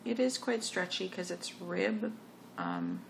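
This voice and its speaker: Chatty woman with a gravelly edge. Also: fairly low pitch, wildly swooping pitch, slow pace, slight background noise. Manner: chatty, rambling, self-correcting. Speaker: knitting podcast host. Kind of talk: casual show-and-tell chat.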